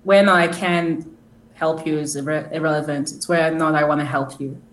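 A weary, sardonic droid in a tabletop game, curt and disdainful with everyone, as a woman game master puts him on. Lowish voice, faint noise behind. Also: fairly even intonation, fairly quick, echoey room, lightly acted. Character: grumpy aloof male droid, sardonic.

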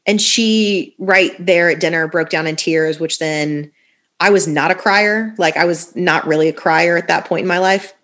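A woman's voice: lowish voice, fairly even intonation, normal speed, fairly bright tone. Candid, rambling woman telling her story. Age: 30s. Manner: candid, rambling, many fillers and restarts. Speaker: guest sharing her story. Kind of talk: personal storytelling in conversation.

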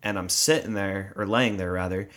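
Earnest low-voiced male podcast host. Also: moderate pace. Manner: earnest, animated storyteller. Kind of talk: casual conversation, storytelling.

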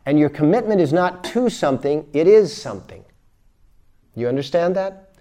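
A man giving a spiritual lecture as a teacher, telling a story and swinging from quiet murmurs to loud bursts. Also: fairly high pitch, animated, moderate pace. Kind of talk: recorded lecture.

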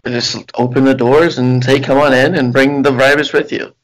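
A man's voice: medium pitch, flat delivery, normal speed, poor audio. A young man co-hosting a podcast in casual chat, dry, self-mocking and sarcastic. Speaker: podcast co-host.

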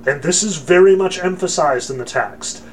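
A man's voice: on the high side, normal speed, a little hiss or hum. A man lecturing on scripture in a casual, emphatic, joking way with frequent fillers. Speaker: religion lecturer.

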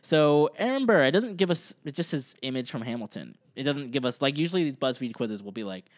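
Brief: young male podcast co-host, mid-pitched, jokey, reads lists aloud. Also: sing-song, brisk. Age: young adult. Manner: joking, laughs often, lists items off. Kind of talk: casual chat, reading quiz options aloud.

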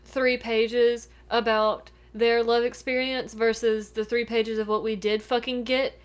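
A woman with a fairly high voice joins a casual podcast chat. She drops in dry, short remarks. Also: little pitch movement, measured pace, clean tone. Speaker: podcast co-host.

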